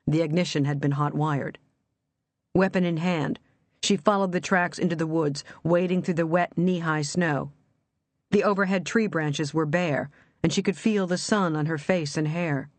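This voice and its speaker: A woman narrating an audiobook in a measured, even reading. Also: low-pitched, dry recording.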